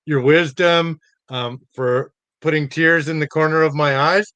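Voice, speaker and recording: Bright-voiced man hosting, dry sound. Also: on the high side, fairly even intonation, a little slow, no echo, muffled recording. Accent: Canadian. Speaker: podcast host. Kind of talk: casual interview.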